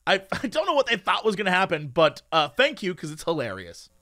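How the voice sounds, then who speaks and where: A man's voice: high voice, a little fast. A man co-hosting a podcast in casual, joking chat. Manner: animated, joking. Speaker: podcast co-host. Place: lives in Los Angeles.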